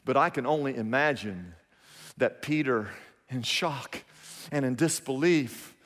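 A man's voice: mid-range voice, a little slow, a bit bright, in a large hall. A man preaching a sermon, telling a story emphatically with lots of repetition.

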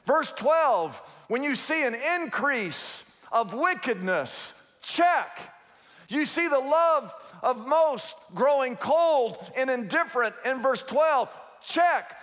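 A man preaching with a high, bright voice, recorded in a large church hall with a long reverb tail. He is emphatic, lingering slowly over key words and then racing ahead, and he acts out the people he quotes. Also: expressive. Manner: emphatic preaching, swinging from drawn-out to rapid; acts out quoted speakers in the sermon. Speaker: pastor. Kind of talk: sermon.

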